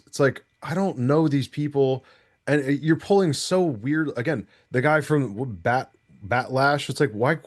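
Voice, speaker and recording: A man co-hosting a casual podcast chat, talking in animated, rapid run-on rants full of self-interruptions. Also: medium pitch. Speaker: podcast co-host.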